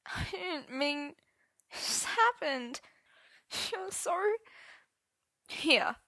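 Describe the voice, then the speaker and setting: A woman's voice: fairly high pitch, lively intonation, normal speed, creaky, sharp tone, dry recording, full character voice. A woman voicing a heartbroken young man, crying and speaking in tearful half-whispers.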